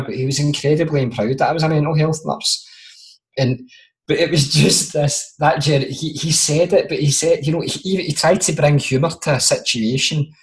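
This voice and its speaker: A man in his forties with a Glaswegian accent, co-hosting a podcast chat and telling lively stories about his family. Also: medium pitch. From Scotland. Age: 40s. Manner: animated storyteller who acts out quoted relatives, laughing often. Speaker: podcast co-host, mental health nurse. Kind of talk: casual chat.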